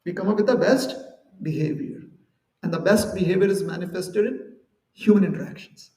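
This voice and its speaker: A man's voice: high voice, moderate pace, dark tone, reverberant, recorded from a distance, rough recording. A man giving a devotional lecture at a temple, talking conversationally and explaining with everyday examples and acted-out quotes. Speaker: temple speaker.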